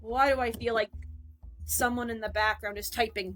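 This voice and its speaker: A woman's voice: a little high, steady tone, moderate pace, faint music behind. A woman streamer chatting casually and playfully, swearing and laughing often. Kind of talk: casual live-stream chat.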